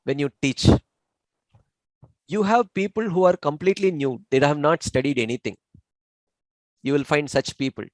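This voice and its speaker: In an informal discussion, a male scripture teacher explains things patiently and measuredly, often saying "you know" and "uh." His voice is fairly high, and the recording is rough, dry and close.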